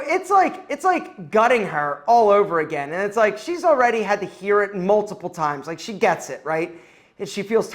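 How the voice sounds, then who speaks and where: A man in his forties talks straight to camera in his own vlog. His voice sits high for a man, and he rambles bluntly, with restarts and plenty of "like" as he speaks his mind. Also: fairly bright tone. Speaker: vlog host. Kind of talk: casual talking-to-camera vlog.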